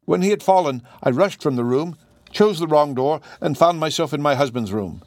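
A man's voice: fairly high pitch, expressive, moderate pace, no echo, voice pushed up. A man reading the lines of a proud, desperate Russian woman, in an impassioned, accusing manner. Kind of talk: audiobook dialogue reading.

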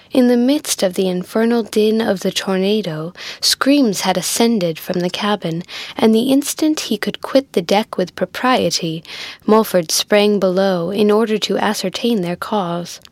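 A woman's voice: mid-range voice, no echo. Woman narrating a classic sea novel. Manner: measured, even reading.

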